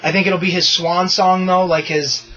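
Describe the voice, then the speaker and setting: A man's voice: sits high, normal speed, highs cut off. A man hosting a podcast in casual chat, loose and profane, ranting with energy. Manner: loose, profane, animated rants. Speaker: podcast host.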